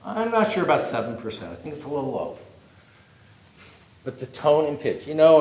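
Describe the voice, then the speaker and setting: A man with a fairly high voice gives a workshop talk on job interviews to a live audience in a meeting room, and the room's echo comes through on the recording. His pitch swings hugely and he talks briskly but leaves long pauses, over slight background noise. The delivery is conversational and repetitive, with frequent "okay?" check-ins.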